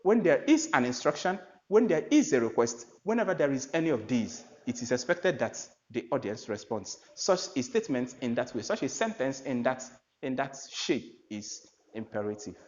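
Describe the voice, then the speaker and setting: Man teaching grammar with lively pitch. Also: moderate pace, hardly any pauses. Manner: explains by repeating and rephrasing, reads out example sentences. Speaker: English teacher. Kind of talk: classroom lecture. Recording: dull lo-fi sound.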